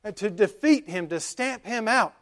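A man's voice: sits high, expressive, normal speed, a bit bright. A male pastor preaching a sermon, retelling scripture in plain everyday words with a conversational manner and frequent filler sounds.

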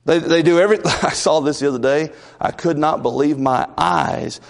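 Male pastor, slightly high voice, folksy sermon storytelling, echo of a church hall. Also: moderate pace, vocal fry. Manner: folksy storytelling with asides and laughs.

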